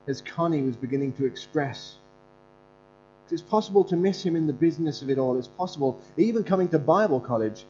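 A man's voice: medium pitch, a little mellow. A man preaching in a conversational, earnest storytelling way, with some fillers and restarts. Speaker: pastor and Bible school leader. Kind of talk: conversational sermon. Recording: dull lo-fi recording with mains hum.

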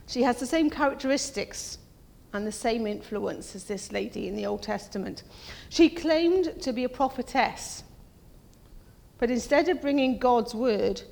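A woman's voice: unhurried, gravelly, darkish tone. Woman preaching in a reverberant church. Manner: conversational, asks the congregation questions; acts out quoted voices in a higher pitch. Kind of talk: sermon. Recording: long reverb of a church hall.

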